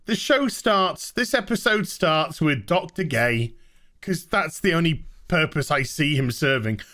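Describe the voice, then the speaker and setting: A man rants through a TV episode review, exasperated and sarcastic. He talks slowly and drags out his words, and his pitch swings widely whenever he gets worked up. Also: lively intonation, sharp tone. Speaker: TV show reviewer. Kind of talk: ranting review vlog.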